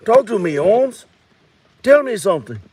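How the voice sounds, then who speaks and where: A man's voice: high voice, sing-song, moderate pace, a little mellow, husky, pitched above the performer's own voice, heavily acted. A man voicing a rambling stranger in the woods, with a put-on Mexican American accent and street slang. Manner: street slang, calls listener "Holmes". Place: woods outdoors.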